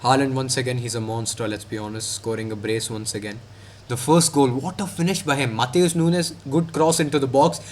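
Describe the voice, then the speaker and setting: A man's voice: mid-range voice, fairly even intonation, a little fast, a little hiss or hum. A young man ranting in a heated, mocking, slangy way as he reacts to football.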